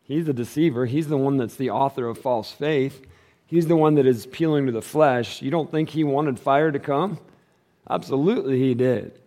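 A middle-aged male pastor preaching a sermon, joking and animated, then dropping to a hushed, earnest tone. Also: mid-range voice, moderate pace.

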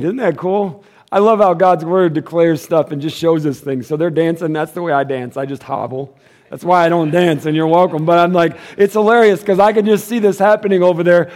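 A man with a notably high-pitched voice preaches to his congregation, swinging between playful jokes and loud bursts of energy. He often sinks to a quiet, earnest hush to drive a point home. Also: moderate pace. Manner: animated and joking, then dropping to a hushed earnest tone. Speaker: pastor. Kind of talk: sermon.

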